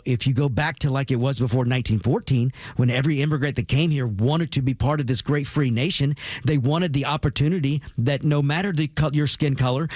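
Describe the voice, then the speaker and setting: A man's voice: mid-range voice, a little mellow, dry recording. A man hosting a talk radio show, delivering an emphatic political monologue, repeating points and calling his listeners folks. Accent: Spanish-rolled R's on Latin words.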